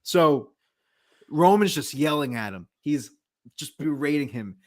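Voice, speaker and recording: A man's voice: fairly high pitch, expressive, measured pace. A man casually recapping a wrestling match, telling it as a story, acting out quotes and laughing often. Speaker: podcast co-host.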